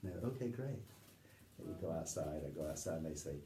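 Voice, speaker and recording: A man's voice: very deep voice, fairly even intonation, gravelly, mellow, slight background noise. Man telling stories, distant and roomy. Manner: halting, restarts, acts out quoted voices, drops to near whisper. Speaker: storyteller recounting memories. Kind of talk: conversational anecdote telling. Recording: distant roomy recording with faint ambience.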